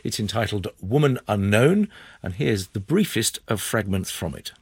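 A man hosting a broadcast interview, introducing the segment and asking questions conversationally, with some halting restarts. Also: on the low side, expressive, a little mellow, breathy edge, dry recording. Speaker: radio interviewer.

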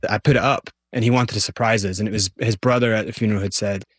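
A man with a Scottish accent, telling animated stories as an interview guest. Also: lowish voice, fast talker, no room sound, studio quality. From Scotland. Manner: animated, vivid storyteller. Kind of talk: storytelling interview.

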